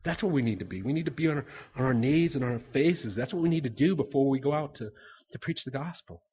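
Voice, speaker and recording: A man's voice: mid-range voice, lively intonation, quick pace, slightly rough, dull audio. A man preaching a sermon, telling personal stories in an earnest way, repeating words and acting out conversations. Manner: earnest storytelling, repeats words, acts out dialogue.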